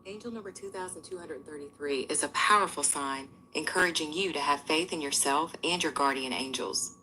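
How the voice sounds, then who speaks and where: Bright synthetic woman's voice with a Southern twang. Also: deep voice, a little fast, slight background noise. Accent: American Southern. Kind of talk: synthetic text-to-speech reading.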